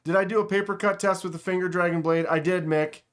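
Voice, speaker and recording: Talking quickly in a high voice with fairly even intonation, a man hosts a live stream. He keeps the chat with his viewers casual, trading jokes and sarcasm as he addresses the chat.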